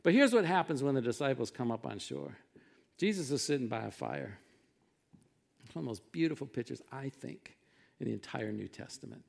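A middle-aged male pastor preaching a sermon, telling Bible stories with animated, conversational delivery and acted-out quotes. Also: a little fast, gravelly. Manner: animated storytelling, acting out quotes with rising pitch and volume.

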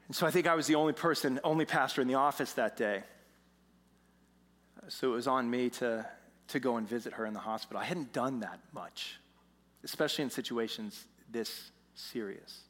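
A pastor telling a story in a sermon, animated, moving between hushed moments and emphatic ones. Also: male voice, mid-range voice, moderate pace. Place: church sanctuary. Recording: long church reverb.

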